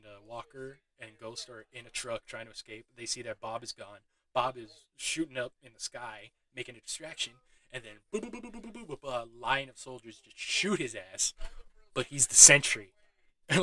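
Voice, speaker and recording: A man giving a casual, excitable movie recap, swearing often and laughing as he talks. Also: medium pitch, moderate pace, low-quality recording. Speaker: movie reviewer.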